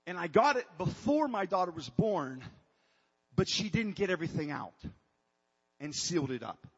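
A man's voice: high voice, lively intonation, normal speed, breathy edge, in a large hall, muffled recording. A man preaching a sermon to his congregation in an emphatic way, breaking off and restarting as he calls out to them. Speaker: pastor.

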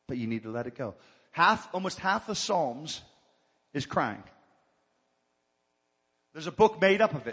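A man's voice: medium pitch, husky, long reverb tail. A male pastor preaching a sermon, calling for amens and building to fervent exhortation. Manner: call-and-response preaching, rising to fervent exhortation.

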